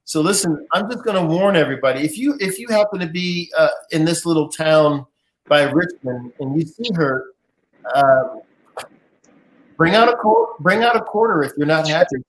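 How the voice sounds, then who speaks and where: A man's voice: on the high side, expressive, normal speed, a little hiss or hum. A man hosting a live interview show, jovial and teasing with his guest. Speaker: host.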